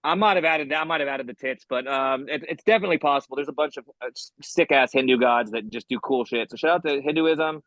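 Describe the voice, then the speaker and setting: A man's voice: mid-range voice, fast, few pauses, a bit bright, no echo, poor audio. A man co-hosting a podcast in casual comedic chat, rambling with jokey asides and many restarts. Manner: rambling, jokey, lots of restarts and acted quotes. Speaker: podcast co-host.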